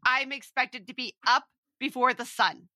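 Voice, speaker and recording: A woman's voice: high voice, steady tone, moderate pace, pushed and bright, no echo. A woman co-hosting a parenting podcast in casual chat, speaking emphatically, laughing easily and drifting into tangents. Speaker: podcast co-host.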